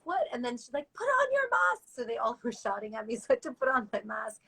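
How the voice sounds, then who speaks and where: Woman telling her story in an interview, bright voice, kinda high, gets really animated. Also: fast, creaky, slightly rough, poor audio. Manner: animated, acts out voices in quotes. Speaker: interview guest.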